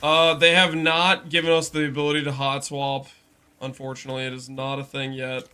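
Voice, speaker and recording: A man's voice: medium pitch, monotone, a little fast, bright, forceful tone, clear, resonant tone. A man streaming a game live, chatting casually and reading out and answering viewer messages. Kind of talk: casual live-stream commentary while gaming.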